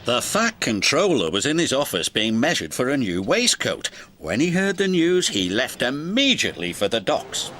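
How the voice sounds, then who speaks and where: A man narrating a children's storybook in a slow read-aloud manner. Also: mid-range voice, sing-song, fairly bright tone, slight background noise. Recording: music playing behind.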